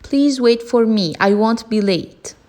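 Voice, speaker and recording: A woman's voice: fairly high pitch, slow, darkish tone. A woman voicing a kind little boy in a children's storybook, speaking reassuringly. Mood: caring.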